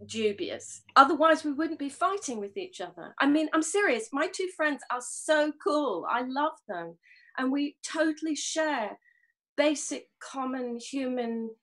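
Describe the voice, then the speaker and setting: Woman, a little high-pitched, passionate, rambling, casual online talk. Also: pushed and bright, poor audio. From grew up on film sets. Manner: rambling, earnest, swears and laughs it off. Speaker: panelist in a live online discussion.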